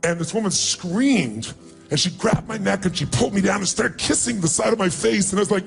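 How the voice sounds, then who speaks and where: A man's voice: high voice, fairly quick, vocal fry, faint music behind. A man telling a personal story as a motivational speaker, emotional and emphatic, acting out quotes.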